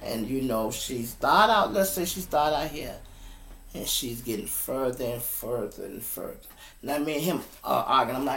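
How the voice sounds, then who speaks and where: A man casually telling a story to his listeners, animated and profane, often calling them y'all, speaking at his computer setup. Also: medium pitch, moderate pace, creaky.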